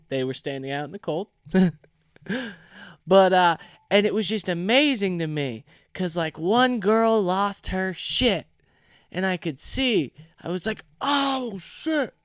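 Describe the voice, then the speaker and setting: A man's voice: fairly high pitch, clear, resonant tone, no echo, clean studio sound. Young man telling rowdy stories. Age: young adult. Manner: animated, swearing, acts out quoted voices. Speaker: podcast host. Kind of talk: casual storytelling monologue. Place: home.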